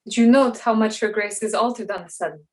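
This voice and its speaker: A woman's voice: fairly high pitch, fairly quick, close to an everyday voice. A woman playing a worried lady-in-waiting. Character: anxious lady attendant to the queen. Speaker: stage actor. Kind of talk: Shakespearean stage acting.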